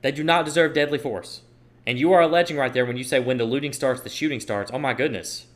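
A man's voice: medium pitch, quick pace. A young man giving an opinion monologue on politics, emphatic and repeating phrases for stress while he reads posts aloud. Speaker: political commentator.

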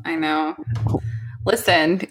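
Woman podcast cohost, hoarse and raspy, low-ish voice, chatty storytelling from her desk. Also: steady tone, takes it slowly, fairly bright tone, rough recording. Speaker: podcast co-host. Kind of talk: casual chat.

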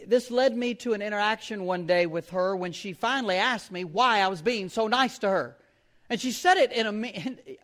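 A man preaching a sermon in a chatty storytelling way, slowing down to repeat key phrases and chuckling often. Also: high voice, fairly bright tone. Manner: conversational storytelling with fillers.

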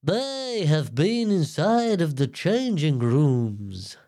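A man mimicking a slow-speaking coworker in a put-on Eastern European accent. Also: fairly high pitch, big pitch swings, dark tone, heavily acted. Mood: deadpan. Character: slow male coworker with a heavy foreign accent.

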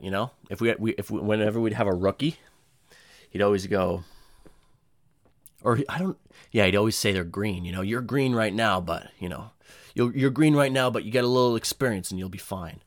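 A young man hosting a casual solo chat, rambling and swearing, slipping into high mocking voices. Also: dry recording, clean studio sound. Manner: rambling, profane, mocks others in high put-on voices. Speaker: podcast host.

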